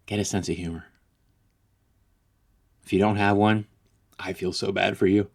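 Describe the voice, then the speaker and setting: A man's voice: deep voice, little pitch movement, normal speed, creaky. A man ranting crudely about an ex, boastful, vulgar and rambling, as a comedy vlogger.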